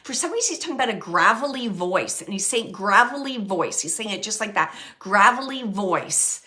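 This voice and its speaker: A woman working as a medium, giving a live reading to an audience member, talking in halting phrases with many fillers and repeating words as she relays messages. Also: medium pitch, very animated, sharp tone. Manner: relays messages, quotes the dead man.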